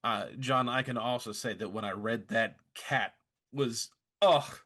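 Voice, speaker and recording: A man hosting a podcast, reading fan letters aloud in a lively, halting way with restarts. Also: medium pitch. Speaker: podcast host.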